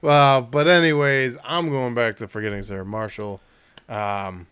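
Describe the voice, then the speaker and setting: A man's voice: mid-range voice, fairly even intonation, a little slow, a bit bright, smooth, no room sound. A man co-hosting a podcast in casual chat, often laughing as he retells movie scenes. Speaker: podcast co-host.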